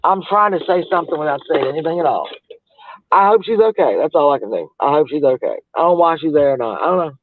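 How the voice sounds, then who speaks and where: A man's voice: a little high, expressive, quick pace, slight background noise. A man chatting in a rambling, casual way on a livestream, laughing often and trailing off mid-thought. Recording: tinny phone-like dry audio.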